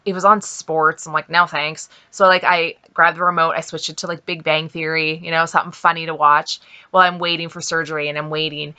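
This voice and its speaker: A woman's voice: low-pitched, level tone, a little fast, pushed and bright, clear, resonant tone. A middle-aged woman from Canada, chatting casually as a vlogger and telling a story with lots of fillers and quoted asides.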